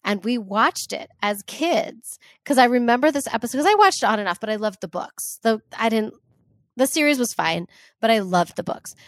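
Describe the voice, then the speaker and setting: A woman co-hosting a podcast in chatty casual talk, reacting quickly and laughing easily. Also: a little high, expressive, no room sound, studio quality. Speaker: podcast co-host. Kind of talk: casual chat.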